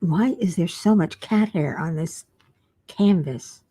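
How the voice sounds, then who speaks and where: Here a woman speaks slowly in a lowish, mellow, husky voice. Worn out and yawning, she runs a relaxed crafting stream, working away while she chats and reads out comments from viewers.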